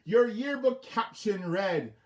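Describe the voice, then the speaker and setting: A man's voice: sits high, lively intonation, slow pace, darkish tone. Man telling corny jokes in an echoey basement. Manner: corny, laughs at his own jokes. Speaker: host of a home talk show. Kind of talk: jokey late-night monologue. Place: home basement.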